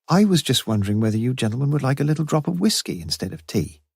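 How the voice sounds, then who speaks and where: Man voicing a fussy landlady, raised and fluttery, husky edge, dry read. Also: mid-range voice, very animated, quick pace, darkish tone, no echo, pitched above the performer's own voice, exaggerated voice. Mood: eager. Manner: flustered and eager to please. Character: fussy, anxious middle-aged landlady. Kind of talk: audiobook character voice.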